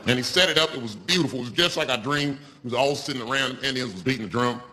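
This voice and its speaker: A man doing a stand-up comedy routine on stage, telling stories in a loose, profane, animated way. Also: mid-range voice, fast talker. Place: stage before a live audience. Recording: noisy live stand-up recording.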